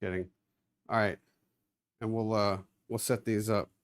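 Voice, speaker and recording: A man's voice: fairly low pitch, little pitch movement, unhurried, clean tone. A man hosting a casual live stream, chatting and narrating what he is doing as he moves around a carpeted room. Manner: chatty, narrating his own hands-on tasks, moving around the room. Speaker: livestream host. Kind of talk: casual live-stream chat while working. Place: indoor room with carpeted floor.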